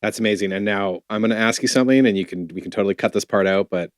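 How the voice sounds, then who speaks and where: A man hosts a relaxed interview, his lowish voice stopping and restarting as he talks. The sound is dry and close. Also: no room sound. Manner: hesitant, halting restarts. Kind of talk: casual interview chat.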